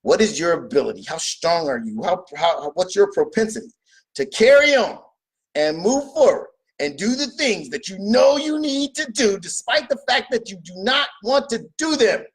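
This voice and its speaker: A motivational speaker with a high, animated voice and a breathy edge talks at normal speed. His delivery is emphatic and preachy, repeating points and posing questions that he then answers himself.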